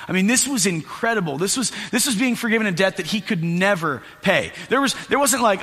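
Animated male pastor in an echoey hall. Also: high-pitched, moderate pace, few pauses, husky. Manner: animated storytelling with voiced asides. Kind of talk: sermon. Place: church sanctuary. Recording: echoey hall with long reverb.

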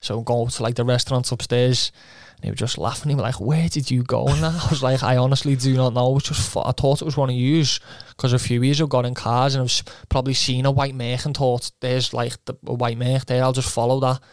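Young footballer, chatty storyteller who swears, monotone voice, dry studio mic. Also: male voice, medium pitch, quick pace, few pauses, no echo. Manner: rambling, swears, quotes himself, laughs often. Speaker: footballer guest. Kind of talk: casual anecdote.

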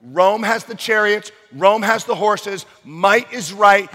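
A man's voice: sits high, slow, pushed and bright, voice pushed up, heavily acted. A male pastor voicing a firm teacher who explains his kingdom in an insistent, emphatic way. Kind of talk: sermon storytelling. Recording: long hall reverb.

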